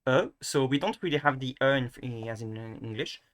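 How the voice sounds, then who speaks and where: A man's voice: medium pitch, a little fast. A man with a French accent, a French native speaker, giving a casual pronunciation lesson in a hesitant way, with many restarts and fillers. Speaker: language tutor. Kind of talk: casual screen-recorded lesson.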